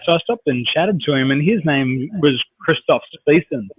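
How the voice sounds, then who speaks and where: An Australian coach, appearing as an interview guest, tells rambling anecdotes full of fillers and restarts. His mid-range voice is brisk and breathy, with hardly any pauses. The audio is dry and tinny, like a phone, with no echo.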